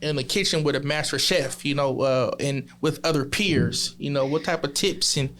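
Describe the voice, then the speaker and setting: A man's voice: fairly high pitch, moderate pace, a bit bright, slight background noise. A man hosting a casual podcast, talking in a laid-back way with many "you know"s and "yeah, yeah"s. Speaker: podcast host.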